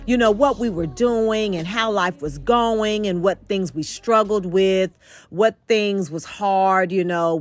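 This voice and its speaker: A woman home vlogger telling a storytime tale, animated and addressing viewers directly. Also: medium pitch. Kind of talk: storytime vlog.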